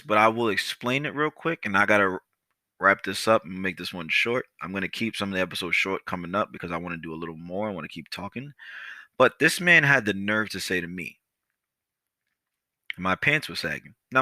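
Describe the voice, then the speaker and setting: A young man hosting a podcast, telling a story in a casual, animated, profane way and talking straight to his listeners. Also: lowish voice, dry recording. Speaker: podcast host.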